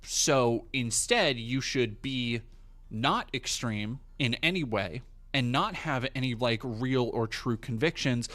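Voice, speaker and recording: A man's voice: mid-range voice, expressive, slow pace, a bit bright. A man from the United States hosting a livestream, talking casually in a rambling, profane way with many fillers and restarts. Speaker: livestream host.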